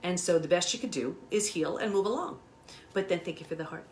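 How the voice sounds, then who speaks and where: A woman's voice: fairly low pitch, brisk, a little mellow, slight background noise. A middle-aged woman speaking as an interview guest, explaining emphatically and animatedly while gesturing as she talks. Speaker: guest expert on betrayal recovery.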